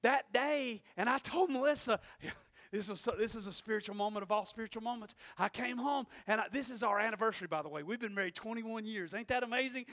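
A man in his forties preaching a sermon, telling a story animatedly and swinging from hushed asides to shouted lines, with calls of "Amen?". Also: high voice, brisk.

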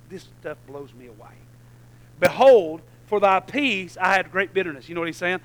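A middle-aged man preaches a sermon, swinging between low conversational asides and loud, shouted passages. The recording is rough.

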